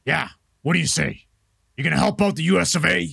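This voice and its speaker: A man voicing a gruff, hotheaded American official who barks and swears in a comedy sketch. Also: fairly high pitch, fairly quick, pushed and bright, full character voice. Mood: bullying. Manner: barking, profane, bullying.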